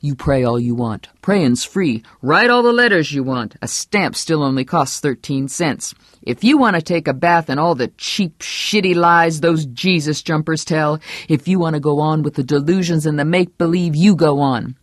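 A gruff, blunt husband in his fifties, as an audiobook reader plays him, loud and sarcastic with little patience. The voice stays close to the reader's own, dry and near the mic. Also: a little high, moderate pace, few pauses, no room sound, close to an everyday voice. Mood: furious. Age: 50s. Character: angry, blunt middle-aged husband with a cane.

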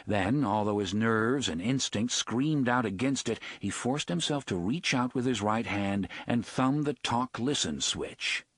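A man narrating an audiobook with dramatic, expressive storytelling, recorded close to the mic. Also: medium pitch, unhurried, few pauses, no echo. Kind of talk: scripted narration.

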